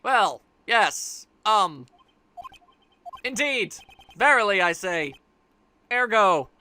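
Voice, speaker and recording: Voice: medium pitch, lively intonation, very slow, sharp tone, clean tone, full character voice. Ein Sprecher spielt einen aufgeblasenen Staatsanwalt in einem Videospiel, der zögert und um Worte ringt. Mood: stalling. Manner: stalling, pompous, fumbling. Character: hesitant, pompous male prosecutor.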